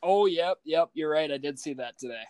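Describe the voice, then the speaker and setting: A blunt, opinionated podcast co-host talks in a casual chat with a slightly higher voice. His delivery is brisk, and the tone is a little mellow, clear and resonant, with no room sound.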